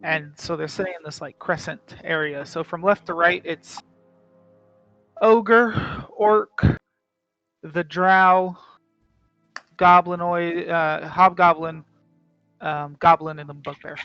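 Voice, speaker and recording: A man's voice: fairly high pitch, fairly even intonation, slow, long pauses, bright, forceful tone, dry recording, dull audio, soft background music. A man narrating as dungeon master in a casual way, full of fillers and self-corrections. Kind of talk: narrating a tabletop game.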